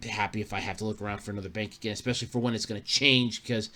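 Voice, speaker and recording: A man's voice: lowish voice, fairly even intonation, racing, pushed and bright. A man hosting his own podcast in casual, rambling chat, swearing offhandedly and chuckling between stories. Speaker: podcast host.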